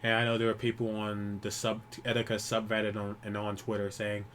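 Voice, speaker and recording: A man grieving while talking alone to the camera, rambling and swearing often, with many restarts and pauses. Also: fairly low pitch, completely flat delivery, fairly bright tone, a little hiss or hum. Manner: profane, rambling, frequent restarts. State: grieving, holding back tears. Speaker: YouTuber. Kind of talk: personal vlog monologue.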